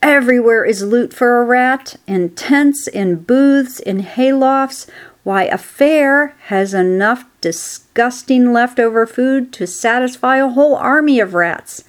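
A woman's voice: fairly high pitch, measured pace, lightly acted. A woman voicing a wise old sheep in a storybook reading, relishing and persuasive.

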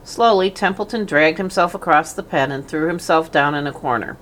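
A woman narrating a children's storybook in a gentle, even manner. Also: sits low, brisk. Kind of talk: storybook reading aloud.

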